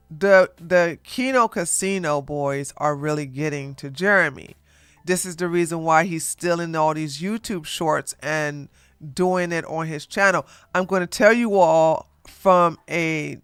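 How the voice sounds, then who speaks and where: Slow, blunt drama commentator. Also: medium pitch, fairly bright tone, clean tone, no echo, clean studio sound. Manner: blunt, repetitive ranting. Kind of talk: reaction commentary.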